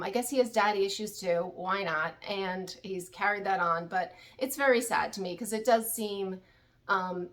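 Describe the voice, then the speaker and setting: A woman hosting a YouTube recap channel, chatting candidly and with opinions about a reality TV show. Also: fairly low pitch. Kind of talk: casual chat.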